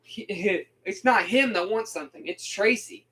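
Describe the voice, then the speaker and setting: A man's voice: high-pitched, normal speed, fairly bright tone. A man voicing a young slacker son as he retells a game scene. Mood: explaining.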